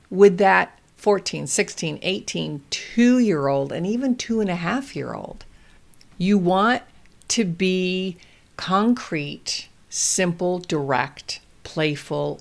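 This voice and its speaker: A woman hosting a parenting show, giving calm, deliberate instructional advice to parents. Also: fairly low pitch. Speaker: parenting host.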